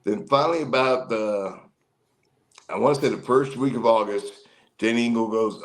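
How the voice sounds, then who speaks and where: Over poor audio, a man in his fifties who used to wrestle professionally chats casually in an interview, speaking fairly quickly at medium pitch. His storytelling is full of fillers and false starts, and he performs quoted people in a more animated voice.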